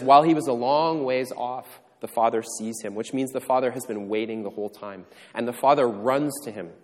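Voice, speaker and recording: A mid-pitched man preaches a sermon from the front of a church, teaching in a loose, conversational way that often restarts its sentences. His voice carries a long reverb tail from the large sanctuary around him. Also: a little mellow. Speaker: pastor.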